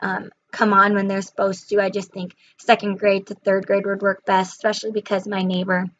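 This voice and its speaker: A woman's voice: mid-range voice, completely flat delivery, a little fast, a bit bright. A young woman retelling and reviewing a children's book in a chatty way, with frequent fillers, on a slightly muffled recording.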